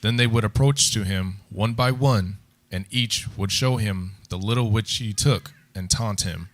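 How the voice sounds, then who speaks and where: A man with a fairly low voice reads scripture passages aloud. His reading is steady and measured, without flourish. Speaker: scripture reader.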